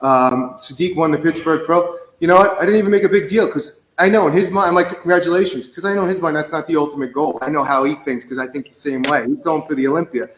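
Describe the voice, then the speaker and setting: A man's voice: on the high side, fast talker, hardly any pauses, slight background noise. A man in casual chat, candid, plain-spoken and reflective. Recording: echoey room.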